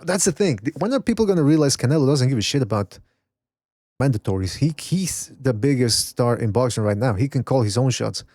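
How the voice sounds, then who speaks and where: A man's voice: medium pitch, a little mellow, no room sound, clean studio sound. A man hosting a casual boxing podcast, rambling, swearing and reading chat messages aloud. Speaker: podcast host. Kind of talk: casual live-stream chat.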